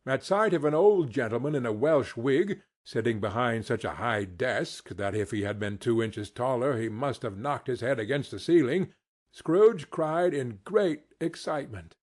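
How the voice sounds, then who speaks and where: A man narrating a classic novel as an expressive audiobook reading. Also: mid-range voice, normal speed. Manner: expressive, storytelling. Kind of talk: scripted narration.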